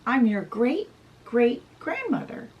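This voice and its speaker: Kindly ancient fairy great-grandmother, put on by a woman reading a storybook aloud, soft and sweet, lilting. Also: fairly high pitch, big pitch swings, slow, recorded from a distance, dull audio, slight background noise. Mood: tender.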